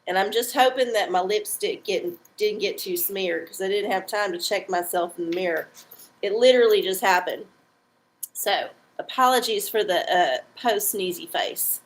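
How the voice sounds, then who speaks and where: A woman's voice: medium pitch, moderate pace, poor audio. A woman hosting a casual livestream from home, chatty and playful, reading oracles for her viewers. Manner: chatty, playful, uses y'all.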